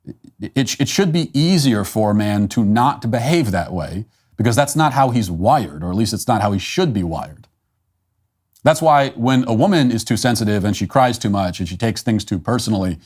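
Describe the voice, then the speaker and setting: Hosting his own commentary show, a man with a somewhat low, darkish voice delivers an opinion monologue. He's expressive, measured, and emphatic, deliberately slowing down to hammer home his points.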